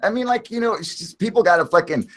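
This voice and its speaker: Man host, swears constantly, rambles with force, voice sits a bit high. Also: fast talker, a bit bright. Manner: heavy swearing, rambling and emphatic. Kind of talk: casual live chat.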